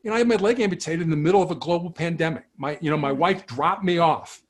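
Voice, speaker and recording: Speaking fast and at a fairly high pitch, this middle-aged former cop earnestly recounts stories in a conversational interview. The talk is reflective, and he frequently starts over and says words twice.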